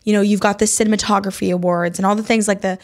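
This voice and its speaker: Gravelly young woman telling stories. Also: mid-range voice, rapid-fire. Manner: animated storytelling, blunt opinions. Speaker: podcast co-host. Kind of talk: casual chat.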